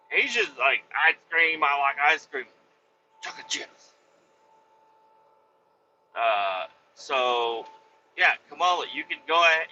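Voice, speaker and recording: A man's voice: mid-range voice, pushed and bright, a little hiss or hum. A man hosting a comedy podcast, rambling through a crude, profane monologue. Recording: slightly muffled lo-fi recording.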